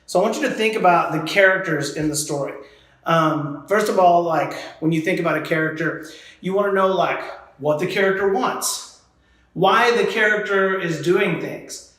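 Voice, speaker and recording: Man, drama teacher, encouraging, models drills for kids, slightly high voice, very echoey room. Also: normal speed, fairly bright tone. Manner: encouraging, models each drill for students to repeat. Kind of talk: leading voice and diction warm-ups for children.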